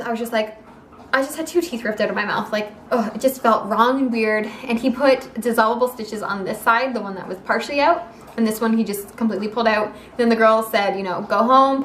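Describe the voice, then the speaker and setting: A young woman telling a personal story in a casual vlog, animated and acting out the quoted lines of the people in it. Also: fairly high pitch, slight background noise. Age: young adult. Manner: animated, acts out quoted dialogue. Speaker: vlogger. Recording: echoey room.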